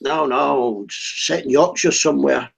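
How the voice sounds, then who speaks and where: A man's voice: medium pitch, measured pace, gravelly, crowd noise. A man chatting casually on an online group call, blunt and swearing freely.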